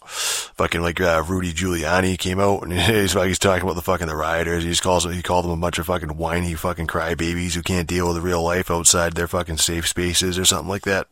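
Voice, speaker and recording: A man's voice: deep voice, level tone, fairly quick, a bit bright, no room sound. A man in a casual, rambling rant, swearing in almost every phrase and padding it with fillers and restarts.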